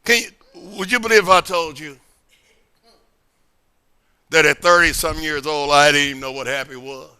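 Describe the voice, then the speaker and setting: A middle-aged man pastor preaching a sermon in a church service, emphatic and repetitive, swinging between sudden shouts and quiet asides. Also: a little high, steady tone, moderate pace, long pauses, clean tone. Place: church sanctuary during a service.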